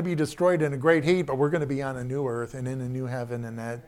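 An older man preaching a sermon to his congregation, often dropping his voice low and then rising to loud, urgent emphasis. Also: fast talker, hardly any pauses. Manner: animated preaching, shifts from soft to loud.

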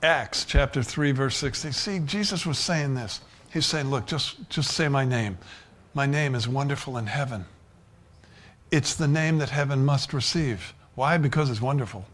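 A man preaching a sermon, building from low, even talk to loud fervor and at times dropping to a whisper. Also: normal speed.

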